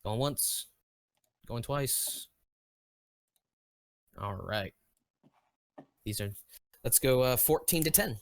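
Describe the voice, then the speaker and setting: A man running a tabletop game as game master, talking in an unhurried, searching way with many fillers and restarts. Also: mid-range voice, expressive, gravelly.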